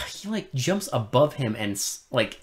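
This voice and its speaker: A man co-hosting a podcast, chatting casually about a film with deadpan sarcasm and plenty of swearing. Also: mid-range voice, measured pace. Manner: sarcastic, profane, deadpan irony. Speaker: podcast co-host. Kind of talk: casual film review chat.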